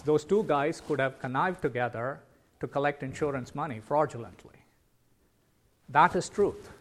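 A male preacher delivers a sermon at an unhurried pace. His voice sits a little high, and he talks earnestly, breaking into loud, emphatic calls.

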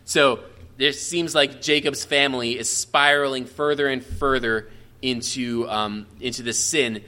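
A man's voice: mid-range voice, bright, forceful tone. A man teaching a verse-by-verse Bible study in a conversational, explanatory way, often restarting phrases and checking in with his listeners. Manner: frequent restarts and self-corrections.

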